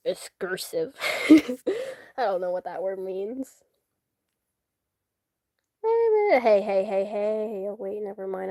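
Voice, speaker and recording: A woman's voice: mid-range voice, mellow, dry recording, studio quality. A woman who is sick and sniffling, chatting casually and giggling while she shows her drawings. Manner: giggly, laughs often, self-mocking. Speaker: artist showing her drawings.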